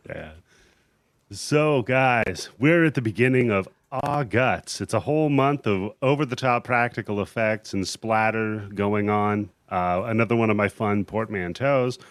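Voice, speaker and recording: A man's voice: on the low side, measured pace, dry recording. A man hosting a casual horror podcast, loose and jokey, swearing freely. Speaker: podcast host.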